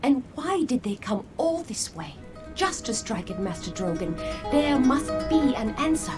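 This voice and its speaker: A man's voice: extremely high pitch, sing-song, a little slow, voice pushed up, heavily acted. A man voicing an earnest female healer who speaks formally, over game music. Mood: concerned. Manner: formal, old-fashioned speech.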